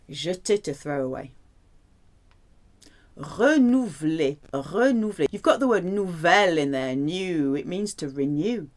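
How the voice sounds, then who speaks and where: A woman teaching French in a lively, playful way. Her pitch swoops up and down a lot, and it sits a bit low for a woman. She slows right down to drill each word. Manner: lively, playful explaining with slow drilled repetitions. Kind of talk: language lesson.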